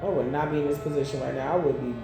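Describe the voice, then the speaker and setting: A woman's voice: sits low, very fast, gravelly, music in the background. A woman giving a casual tarot reading, blunt and profane, drifting into chatty personal stories. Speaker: tarot reader. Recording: very echoey room, faint background noise.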